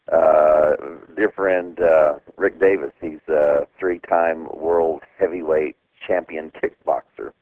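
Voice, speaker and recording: Brief: very low-voiced male radio co-host, rambling storyteller, tinny dry phone audio. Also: dry recording. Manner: rambling, many fillers and laughs. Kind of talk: casual storytelling chat. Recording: dry phone-line sound.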